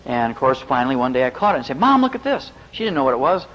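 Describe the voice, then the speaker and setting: A man's voice: mid-range voice, big-room sound. A man from the Midwest, a veterinarian and physician, giving a folksy, joking health lecture to a live audience. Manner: joking storyteller, animated and fast-talking. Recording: muffled lecture recording with faint hiss.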